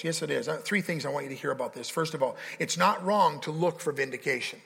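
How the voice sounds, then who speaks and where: A pastor preaches with rising emphasis, slipping into dramatic quoted voices. His voice is gravelly, bright and fairly high for a man. A long reverberant church hall rings behind him. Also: quick pace. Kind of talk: sermon.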